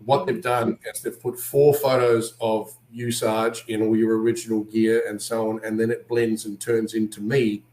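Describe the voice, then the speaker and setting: A man with an Australian accent, an actor guest on an interview, telling animated anecdotes and acting out what other people said. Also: fairly low pitch, normal speed, few pauses, reverberant, rough recording. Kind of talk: casual interview storytelling.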